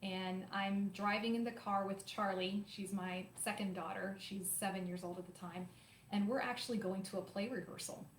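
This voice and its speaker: A woman in her forties, hosting her own show, telling a personal story to viewers in an animated, emotional, confiding way. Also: medium pitch, a little hiss or hum. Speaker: host. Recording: roomy echo, faint ambience.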